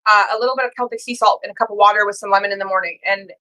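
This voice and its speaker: A woman's voice: medium pitch, steady tone, very fast, sharp tone, poor audio. A woman co-hosting a podcast, talking casually and emphatically, repeating her points with plenty of "like". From United States. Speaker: podcast co-host. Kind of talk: casual chat.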